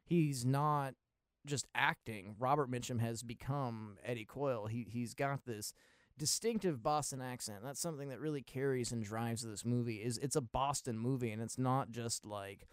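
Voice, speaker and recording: Casual podcast host, a man who rambles through film talk with restarts, cursing and excited bursts; smooth voice, dry. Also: mid-range voice, moderate pace, no room sound. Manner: rambling, profane, full of restarts and asides; excitable, with sudden loud bursts. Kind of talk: casual film review monologue.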